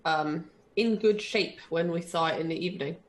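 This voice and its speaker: A woman's voice: on the low side, moderate pace. A woman playing in a tabletop game, terse and questioning. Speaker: player. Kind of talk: casual play chat.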